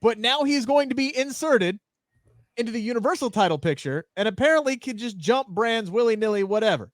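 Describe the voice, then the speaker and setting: A man co-hosting a casual wrestling podcast, opinionated and animated, swearing freely into a close mic. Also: very high voice, fairly quick, dry recording. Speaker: podcast co-host.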